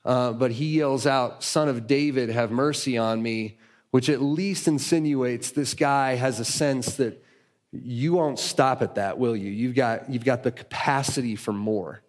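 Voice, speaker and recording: A man's voice: mid-range voice, unhurried. A man as guest teacher giving a conversational sermon, retelling a story and voicing its people.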